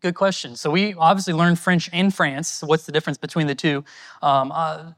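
A man's voice: fairly high pitch, steady tone, moderate pace, fairly bright tone. A man from the United States, a missionary answering audience questions at a church in an earnest, conversational and thankful way.

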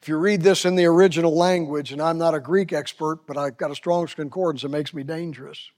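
A man in his seventies preaching a sermon dramatically, dropping to hushed tones and rising to a raised voice. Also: on the high side. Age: 70s. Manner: dramatic, swinging from hushed near-whisper to raised voice. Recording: long reverb of a large hall.

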